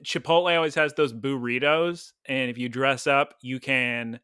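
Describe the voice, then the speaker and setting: Speaking in a mid-range voice, a young male co-host keeps a steady, moderate pace; his tone is sharp, clear and resonant. He chats casually on the podcast, wandering through anecdotes and laughing a lot, all in clean studio sound with no room ambience.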